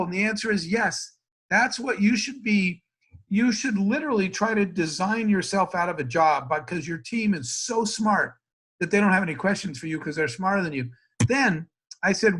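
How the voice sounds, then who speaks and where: A man from the United States telling a story as an interview guest, acting out both sides of the dialogue with lively energy. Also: high voice, normal speed, slightly rough.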